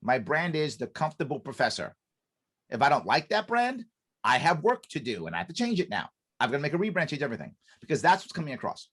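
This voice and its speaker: Animated man explaining on a podcast. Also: on the high side, fast, husky. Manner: animated, acts out quoted dialogue; emphatic, repeats key points with restarts. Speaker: podcast guest, business consultant. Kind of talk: podcast interview, explaining a method.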